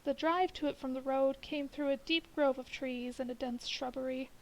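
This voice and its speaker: Woman streamer reading a spooky old story, high pitched, lots of vocal fry, slow and steady. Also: poor audio. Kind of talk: reading a classic horror story aloud.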